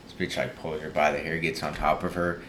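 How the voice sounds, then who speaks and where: A young man in casual chat, telling a story in a low-key way and acting out what people said. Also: level tone, quick pace, a bit bright, a little hiss or hum.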